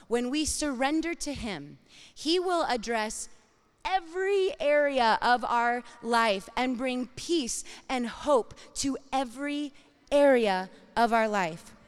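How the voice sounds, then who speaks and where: A woman preaching a sermon in an expressive, dramatic way, acting out inner voices and reading scripture. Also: on the high side, clear, resonant tone, in a large hall.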